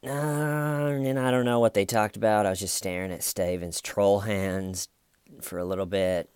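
A man's voice: on the low side, steady tone, moderate pace, a little mellow, smooth, no echo, clean studio sound. A man casually commenting on a true crime case in a chatty, sarcastic, rambling way.

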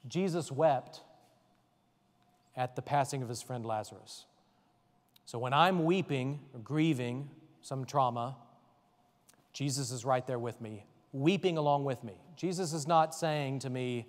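Earnest deacon in a reverberant hall. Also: male voice, mid-range voice, a little slow, pauses often. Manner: earnest, conversational, checks in with listeners. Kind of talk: teaching a faith formation class.

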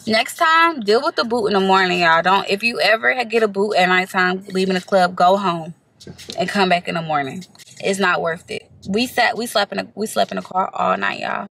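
A woman vlogger telling a story to the camera in a casual, animated way, swearing freely and calling her viewers y'all. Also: medium pitch, normal speed, gravelly, low-quality recording. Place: inside a parked car.

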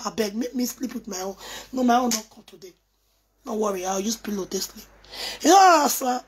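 High-voiced Nigerian woman, rambling and teasing. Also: moderate pace, husky. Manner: mixes pidgin, English and local languages, excited and teasing. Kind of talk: emotional rambling video message.

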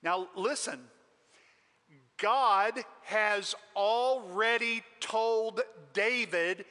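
A male pastor preaches with emphatic storytelling, his voice high-pitched and bright. A long reverb from the sanctuary trails every phrase. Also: measured pace. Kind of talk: sermon.

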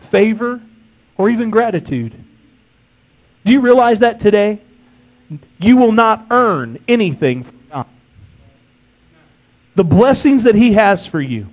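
A man's voice: high-pitched, a little mellow, highs cut off. A man preaching a sermon, emphatic, reading scripture and acting out a servant's complaints.

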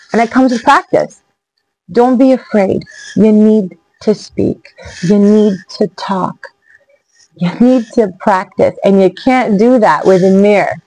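A woman's voice: medium pitch, warm tone, dry recording, rough recording. A middle-aged woman giving an earnest, emphatic motivational talk to camera as a travel vlogger.

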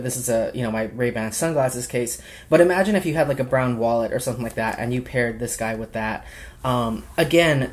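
A young man casually showing off a watch and accessories in a vlog, chatty and gushing, with many fillers. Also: mid-range voice. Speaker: watch vlogger. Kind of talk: casual show-and-tell vlog.

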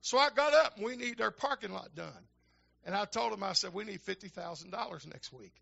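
An older man, a minister telling folksy stories in a sermon that build to shouting fervor. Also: sits high, lively intonation, a little fast, gravelly, husky, muffled recording. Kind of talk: storytelling sermon.

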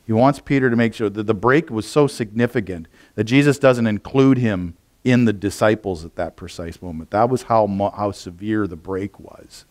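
A man's voice: fairly low pitch, moderate pace, hardly any pauses, a little mellow. Casual rambling male pastor preaching. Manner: conversational, rambling with frequent fillers and restarts. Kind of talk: sermon. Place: church.

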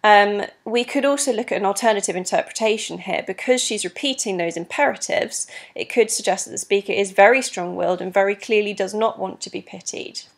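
A woman teacher giving a recorded lesson on poetry, talking clearly and patiently with frequent ums and tapping out rhythm aloud. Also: mid-range voice, a little fast, hardly any pauses.

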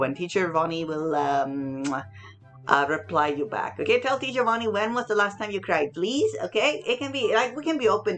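A young woman with a Hong Kong English accent hosts a children's lesson, chatting playfully, repeating herself and asking her viewers questions. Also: fairly low pitch. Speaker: children's English teacher and host. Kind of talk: casual talk to children.

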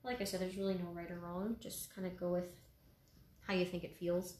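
A woman's voice: on the low side, little pitch movement, a little fast, dark tone. A woman giving a casual step-by-step painting tutorial, easygoing and full of little fillers. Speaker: painting instructor. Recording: roomy echo.

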